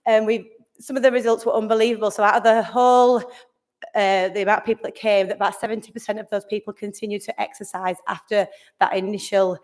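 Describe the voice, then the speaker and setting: A woman presents to a conference room with an upbeat, enthusiastic delivery. She often restarts her sentences and stops to search for a word. Her pitch sits in an ordinary middle range for a woman. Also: fairly even intonation, fast talker, a little mellow. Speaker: conference speaker.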